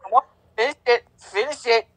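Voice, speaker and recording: A man's voice: very high-pitched, fairly quick, a bit bright, dry recording, low-quality recording. A young man co-hosting a casual podcast, playfully teasing the others. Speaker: co-host. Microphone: remote call mic.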